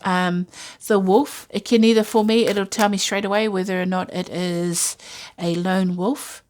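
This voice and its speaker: A woman's voice: medium pitch, steady tone, unhurried, a little mellow. A woman giving a casual intuitive tarot reading, musing aloud with many fillers and asides. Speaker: tarot reader.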